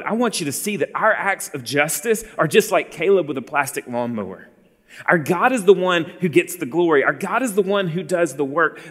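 A man's voice: a little high, a bit bright, in a large hall. A man in his forties preaching an earnest sermon, calling his listeners beloved.

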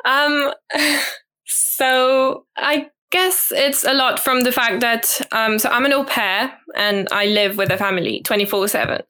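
A woman's voice: on the high side, fairly even intonation, unhurried, bright, forceful tone. A young woman whose first language is French, speaking with a British twang as a guest in a casual interview. She is thoughtful and hesitant, with many ums and light laughs. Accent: British English twang. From French-speaking country. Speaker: guest, au pair.

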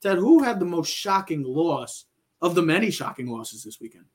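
A man hosting a sports talk show, blunt and excitable, with rapid restarts and repeated phrases. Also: on the high side, slightly rough. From Italian-American background. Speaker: sports podcast host.

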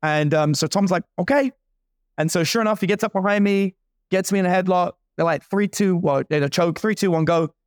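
Man in his forties, guest entrepreneur, lively storyteller, slightly high voice, dry close sound. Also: fairly quick, smooth, dry recording. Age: 40s. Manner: animated storyteller acting out other people's lines. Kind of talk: casual storytelling.

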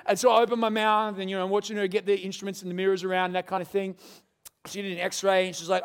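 A man's voice: high-pitched, steady tone, very fast, clear, resonant tone. A young adult man, a pastor preaching a sermon and telling a story with humorous asides.

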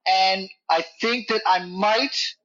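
A man's voice: high voice, fairly even intonation, takes it slowly, pushed and bright, no room sound. A man guesting on a podcast, telling a casual, rambling story full of "like" and "you know.". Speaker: podcast guest, reptile facility worker. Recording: dull, dry lo-fi audio.

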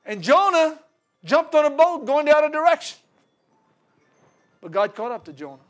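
A man's voice: extremely high pitch, moderate pace, faint music behind. A man preaching a sermon, retelling a Bible story with laughter, stumbles and repeated words. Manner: animated storytelling with laughs and repetitions.

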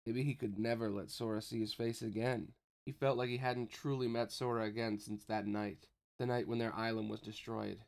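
A man's voice: mid-range voice, darkish tone. Man narrating a storybook evenly. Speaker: audiobook narrator.

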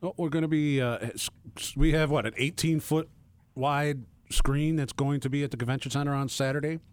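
A man's voice: on the high side, fairly even intonation, a little fast, no echo. A man co-hosting a casual podcast, talking matter-of-factly about convention plans. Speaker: podcast co-host, convention organizer. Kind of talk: casual group chat.

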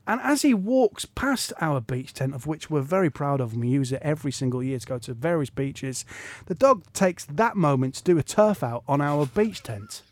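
A man's voice: fairly high pitch, expressive, moderate pace, no room sound. A man co-hosting a podcast, telling long rambling holiday stories in casual chat with self-deprecating asides. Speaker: podcast co-host.

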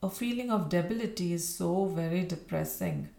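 A woman voicing a lively, fussing young Victorian wife who speaks emphatically and exclaims readily. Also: lowish voice, moderate pace, gravelly. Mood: animated. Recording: roomy echo.

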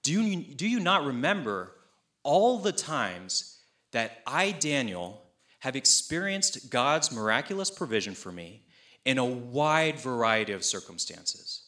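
A young pastor preaches in a bright, forward tone, telling stories conversationally and with energy. He plays the people he quotes, adding playful asides. His mid-range voice is sing-song and measured.

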